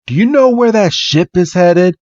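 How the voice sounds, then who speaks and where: A man playing a bold, curious boy trainer, his voice lifted a little and bright with earnest energy. It sounds dry and slightly dull. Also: high-pitched, expressive, normal speed, dry recording, pitched above the performer's own voice.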